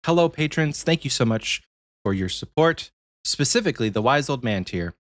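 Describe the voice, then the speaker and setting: Lively, animated male podcast host. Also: medium pitch, normal speed, no room sound. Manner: animated and playful, teasing his co-host. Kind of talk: casual podcast chat.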